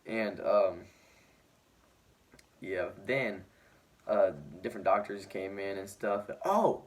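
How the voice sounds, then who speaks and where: A man's voice: deep voice, little pitch movement, slow. A teenage boy vlogging, telling his story in a rambling way with lots of "like" fillers, sounding injured and shaken. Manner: rambling, heavy use of "like" fillers. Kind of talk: casual storytelling to camera.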